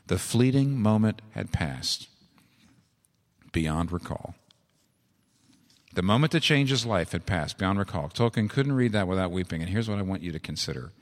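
A low-voiced male preacher delivering a sermon in a church, earnest and intimate one moment, then pressing hard and climbing in urgency. His words ring out with a long reverb through the large sanctuary. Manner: earnest, rising to urgent exhortation.

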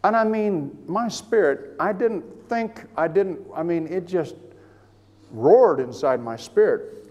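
Older male preacher, slightly high voice, rambling storyteller, long hall reverb. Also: slow, dull audio. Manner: storytelling, animated, rambling with restarts. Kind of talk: sermon testimony.

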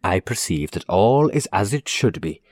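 A man's voice: low-pitched, big pitch swings, moderate pace, a little mellow, no room sound. A man voicing a fussy, eager middle-aged male manager who speaks earnestly and formally.

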